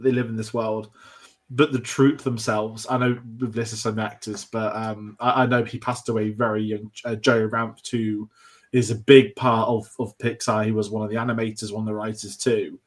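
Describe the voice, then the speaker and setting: A man's voice: on the low side, flat delivery, normal speed. A man co-hosting a film podcast, chatting enthusiastically and rambling with restarts. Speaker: podcast co-host. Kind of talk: casual film discussion.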